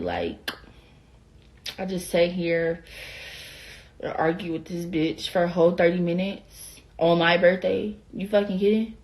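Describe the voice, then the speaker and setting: A woman's voice: fairly low pitch, little pitch movement, measured pace, low-quality recording. Heated young woman venting on a livestream. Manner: heated, profane, rambling, keeps asking you know what I'm saying. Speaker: social media personality. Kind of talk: casual livestream storytime rant.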